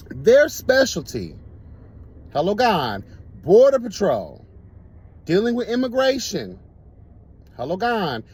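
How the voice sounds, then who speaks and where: A man chats casually to his audience in a lively, swooping voice that climbs and drops a lot. His delivery is camp and animated, and he breaks into laughter often as he tells his stories. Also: on the high side, husky. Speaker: host. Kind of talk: casual storytelling chat.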